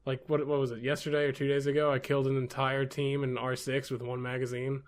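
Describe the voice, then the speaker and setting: A man's voice: mid-range voice, monotone, fast. A young man hosting a podcast in casual chat, talking in loose, rambling sentences and swearing often. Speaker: podcast host.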